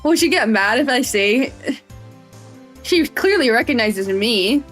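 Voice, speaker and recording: Giggly young woman streamer chatting through a game, bit high voice, faint music in back. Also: expressive, a little slow, fairly bright tone. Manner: giggly, playful, rambling. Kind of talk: casual gameplay commentary.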